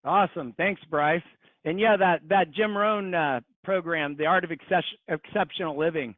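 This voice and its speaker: A man in his forties, a podcast guest, talking in an earnest, reflective way with many pauses. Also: a little high, dry recording. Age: 40s. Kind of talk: casual interview chat. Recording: tinny phone-like line.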